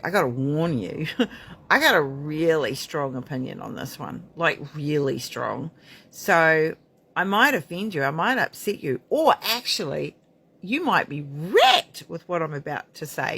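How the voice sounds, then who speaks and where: A woman's voice: deep voice, fairly bright tone. A middle-aged woman midwife giving a frank, emphatic talk to camera, blunt and candid. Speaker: midwife and maternity author.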